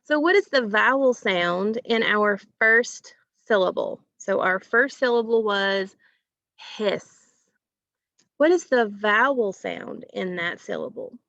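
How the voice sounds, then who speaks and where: A woman teacher giving a recorded phonics lesson to children, asking questions and pausing patiently for answers. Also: medium pitch, expressive, creaky, a bit bright, dry recording, highs cut off. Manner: slow, patient, asks questions and pauses for answers.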